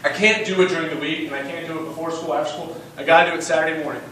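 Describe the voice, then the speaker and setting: A man's voice: on the high side, steady tone, racing, pushed and bright. A man voicing a frustrated, defensive working father who talks in a heated, curt way. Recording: echoey room, distant mic, noisy.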